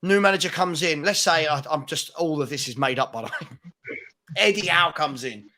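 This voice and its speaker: A man hosting a live fan chat show, talking in animated, exasperated bursts with plenty of mock outrage. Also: on the high side, moderate pace, slight background noise. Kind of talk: casual live-stream football chat.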